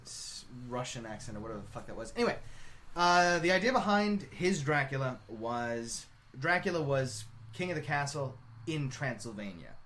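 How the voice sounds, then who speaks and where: A man co-hosting a podcast in casual chat, telling stories in an animated, profane way. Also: medium pitch, moderate pace, slight background noise. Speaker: podcast co-host.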